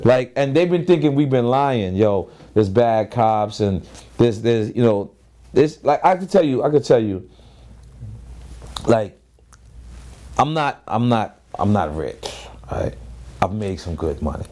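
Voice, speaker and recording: Measured in pace and warm in tone, this man's medium-pitched voice has lively intonation and long pauses. He's a Queens rapper in his 30s, guesting on an interview and spinning profane, loose stories in which he plays both parties in every exchange.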